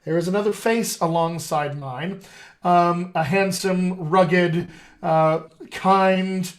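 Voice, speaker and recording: A man's voice: sits high, fairly even intonation, slow pace. A man, a dialect coach, hosting a live video stream in a playful, chatty way and talking straight to his viewers over a video call setup. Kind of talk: casual live-stream chat.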